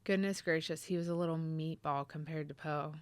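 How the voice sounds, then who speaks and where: Woman podcast host, slightly low voice, earnest and halting, speaks close to a dry mic. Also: steady tone, smooth, no echo. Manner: earnest, reflective, halting with many fillers. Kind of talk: personal storytelling on a podcast.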